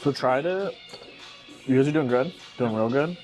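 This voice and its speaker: A man's voice: mid-range voice, moderate pace, darkish tone, faint music behind, low-quality recording. A man sitting at a restaurant table, chatting casually and showing others how to eat. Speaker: guest diner. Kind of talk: casual chat at a meal.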